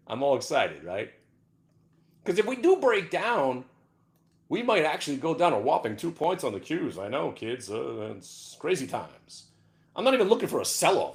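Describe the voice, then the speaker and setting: Brash excitable man ranting about trades. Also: mid-range voice. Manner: excitable, loud bursts of shouting, brash. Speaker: market show host. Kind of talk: live trading rant.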